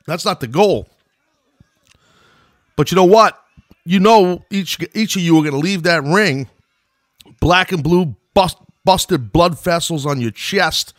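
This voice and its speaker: A man's voice: high voice, takes it slowly, long pauses, no room sound, studio quality. Chatty man calling an old match. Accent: New York. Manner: loose and chatty, wanders into asides. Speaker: podcast host commenting on an old wrestling match. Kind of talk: casual play-by-play commentary.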